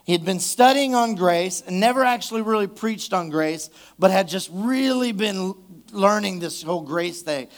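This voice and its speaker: A man's voice: sits high, animated, moderate pace. A male pastor preaching a live sermon at a church service, talking conversationally and calling out to the congregation for responses.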